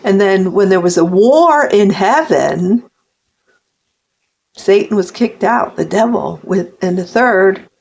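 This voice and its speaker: Older woman, gravelly, confessional vlog talk that wanders and restarts, lo-fi sound. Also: fairly low pitch, darkish tone. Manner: rambling, heartfelt, with frequent restarts. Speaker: vlogger. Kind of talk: personal confessional monologue. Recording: dull lo-fi recording.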